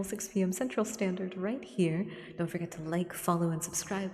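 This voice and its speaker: A woman streamer talking gently in a soft ASMR style, often slipping into a whisper. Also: lowish voice, brisk, few pauses. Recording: echoey room with long reverb.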